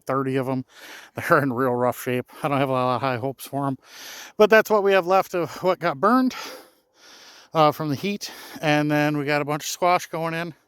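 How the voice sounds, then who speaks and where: A man's voice: fairly high pitch, a bit bright, smooth, no room sound. Easygoing folksy man vlogging outdoors. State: slightly out of breath. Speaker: farm vlogger. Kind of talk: casual vlog narration. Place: outdoors on a farm field.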